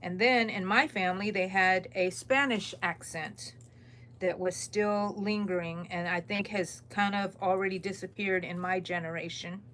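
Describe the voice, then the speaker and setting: A woman's voice: mid-range voice, fairly even intonation, normal speed, a bit bright, a little hiss or hum. A woman from Texas with a Texan accent, chatting casually and rambling as she reads viewer comments while crocheting on a live stream. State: tired, yawning. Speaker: crochet channel host.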